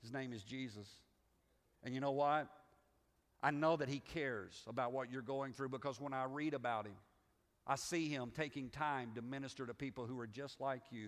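A man's voice: medium pitch, long reverb tail. A middle-aged man with a Southern US accent preaching a sermon as pastor, in a folksy, conversational way with restarts and repeats. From Southern United States.

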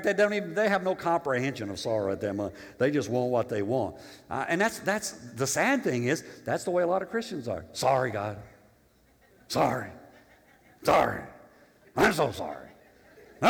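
A male pastor preaching a conversational sermon, restarting phrases and asking the congregation rhetorical questions. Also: mid-range voice. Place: church. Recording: long reverb of a church hall.

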